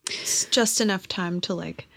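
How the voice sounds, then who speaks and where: A woman co-hosting a podcast, chatting in an animated way. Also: on the low side, a little slow, vocal fry. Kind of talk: casual chat.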